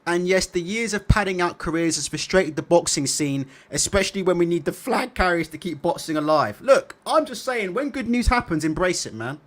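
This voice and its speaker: A man hosting a casual livestream, reading viewer comments aloud and chatting about them in an animated way. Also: sits high, a little fast, hardly any pauses. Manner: animated, repeats tag questions. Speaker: boxing livestream host.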